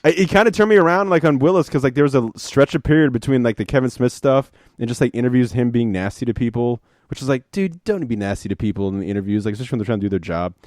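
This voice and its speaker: A man co-hosting a casual podcast, talking in a rambling way with lots of fillers and animated retellings. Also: medium pitch, quick pace, few pauses, dry recording, clean studio sound. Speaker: podcast co-host. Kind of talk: casual chat.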